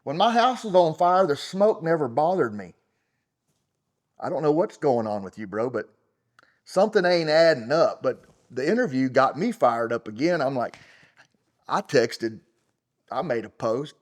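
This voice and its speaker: A middle-aged man, a champion rodeo roper, talking in an unfiltered interview. He is blunt and profane, rambles with fillers, and gets loud and heated. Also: fairly high pitch, very animated, a little slow, long pauses. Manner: rambling, full of fillers like "you know" and "like". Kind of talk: unfiltered casual interview talk.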